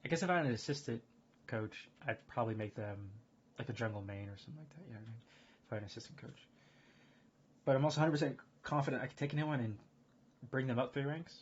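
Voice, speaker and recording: A man streaming casual chat, rambling and excitable, full of fillers and restarts. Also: mid-range voice, quick pace, breathy edge. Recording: dull lo-fi stream audio.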